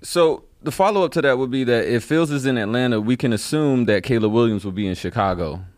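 A man's voice: mid-range voice, quick pace, a little mellow, dry recording, studio quality. A man co-hosting a sports podcast, setting up topics for the host. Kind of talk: casual sports talk.

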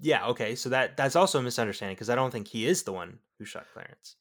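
A man co-hosting a podcast, chatting about a film in a relaxed, slightly hesitant way. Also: mid-range voice, fast talker. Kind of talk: casual film review chat.

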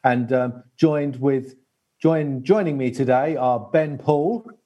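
Mellow man hosting with many fillers. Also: medium pitch, takes it slowly, muffled recording. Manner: hesitant, filler-heavy. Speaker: podcast host. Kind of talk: casual chat, football talk.

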